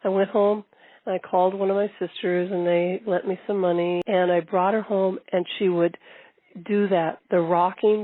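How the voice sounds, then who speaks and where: An older woman telling her story in a documentary interview, lively and repeating phrases for emphasis. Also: mid-range voice, normal speed, creaky, no echo, phone-quality sound. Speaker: long-distance horseback rider.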